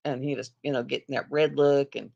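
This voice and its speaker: A woman's voice: extremely low pitch, fairly even intonation, brisk, creaky, darkish tone, highs cut off. A middle-aged woman, hosting a casual live chat and rambling through stories with frequent laughter. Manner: rambling, laughs often, acts out other people's voices. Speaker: livestream host.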